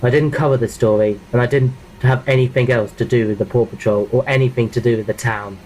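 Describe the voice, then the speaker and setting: A man's voice: medium pitch, steady tone, fast, darkish tone, slight background noise, poor audio. Man reading a horror story aloud. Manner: plain reading with frequent restarts. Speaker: narrator.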